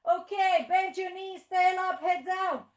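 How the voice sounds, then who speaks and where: Woman, children's yoga teacher. Bright, high voice, playful and sing-song, in an echoey studio. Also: a little slow. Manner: playful sing-song cues with barking and animal noises; encouraging step-by-step instruction. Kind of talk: leading a playful toddler yoga class. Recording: echoey room.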